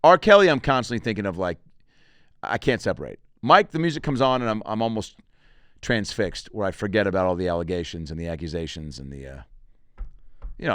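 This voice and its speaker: A man in his thirties, a comedian hosting a podcast, telling stories in an animated way and jumping into voices. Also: on the low side, no room sound, studio quality. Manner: animated storytelling, jumps into voices. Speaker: comedian host. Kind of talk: comic podcast monologue.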